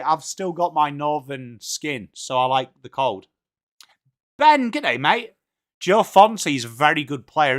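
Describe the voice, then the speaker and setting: A man's voice: fairly high pitch, fairly bright tone. An English man hosting a casual live watchalong from home, chatting and greeting viewers by name. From England. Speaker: livestream host.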